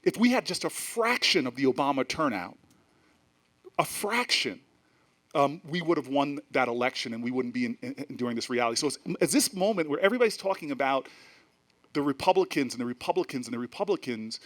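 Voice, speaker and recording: A man's voice: mid-range voice, expressive, a little fast, a bit bright. A middle-aged man from New Jersey, a politician speaking to a live festival audience, emphatic and rhetorical, telling stories with frequent restarts and fillers. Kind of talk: animated speech with storytelling. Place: event stage before a live audience.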